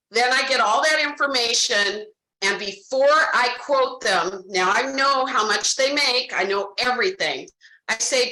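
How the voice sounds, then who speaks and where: A woman trains insurance salespeople, speaking animatedly and directly to her audience while role-playing conversations with clients. Her mid-range voice is bright and forceful, recorded in an echoey room with poor audio.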